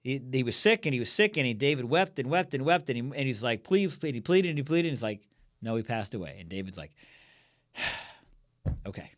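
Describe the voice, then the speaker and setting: A man co-hosting a casual Bible study podcast, reading scripture and acting out the characters in quick, animated voices. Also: medium pitch.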